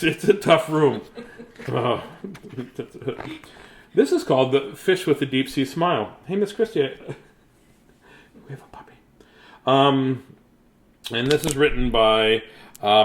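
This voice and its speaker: A man's voice: mid-range voice, expressive, slow, slight background noise. A man hosting a live bedtime story reading, chatting and joking in a playful, easygoing way. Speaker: children's story reader and host. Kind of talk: casual live chat before a bedtime story.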